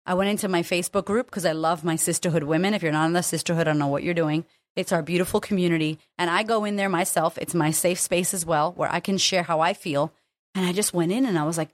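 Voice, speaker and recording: Brief: female podcast host, lowish voice, candid and profane, dry close sound. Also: fast talker, dry recording. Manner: frank, emotional, swears freely. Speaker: podcast host and confidence coach. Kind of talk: candid solo podcast monologue.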